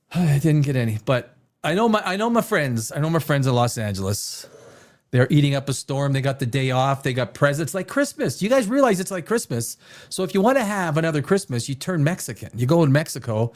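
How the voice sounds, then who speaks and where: A man's voice: fairly high pitch, very animated, brisk. A middle-aged man hosting a casual livestream, rambling and joking, often laughing at himself. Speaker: livestream host.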